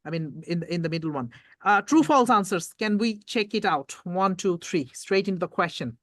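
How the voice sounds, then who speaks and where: Revision tutor, mid-pitched, talks students through exam questions step by step and repeats key points; dry close recording. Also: animated, fairly bright tone, dry recording. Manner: reads questions aloud slowly, quizzes and repeats points.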